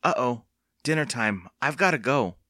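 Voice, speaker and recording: A man voicing a spunky young girl in a storybook reading, with quick, alarmed and determined lines in a raised voice. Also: mid-range voice, animated, bright, forceful tone, dry recording, clean studio sound, voice pushed up. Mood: brisk.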